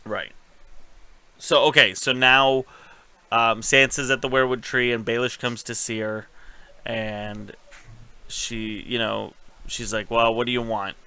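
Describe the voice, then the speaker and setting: A man talks through a recap in loose, casual chat, with a very bright, crisp and clean voice. He swears freely and paraphrases scenes on the fly, trailing off with fillers as he goes. The feel is relaxed and conversational. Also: mid-range voice, slow pace, pauses often, no room sound. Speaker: podcast host.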